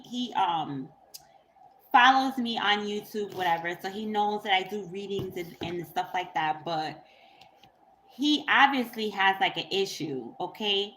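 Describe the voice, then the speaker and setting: A woman's voice: mid-range voice, a bit bright, slight background noise, rough recording. A woman tarot reader telling a story in a rambling, profane, casual way on a livestream, often breaking into laughter.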